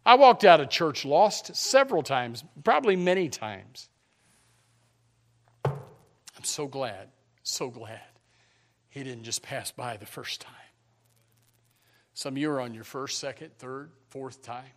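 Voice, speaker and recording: A man preaching a sermon with emphatic repetition, swinging from hushed to loud. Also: mid-range voice, lively intonation, slow pace, pauses often.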